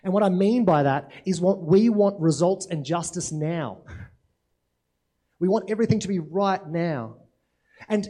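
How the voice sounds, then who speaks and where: Man, preacher, sermon, conversational, rhetorical questions, warm mellow tone. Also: sits high.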